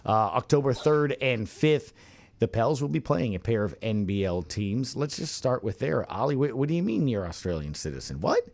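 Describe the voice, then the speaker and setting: Lively, joking male podcast host. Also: mid-range voice, normal speed. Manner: jokey, animated. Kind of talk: casual podcast chat.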